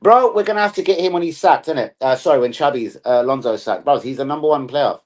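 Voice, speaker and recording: A man's voice: mid-range voice, quick pace, darkish tone. A young man hosting a football live stream, talking in rowdy, profane slang-heavy banter.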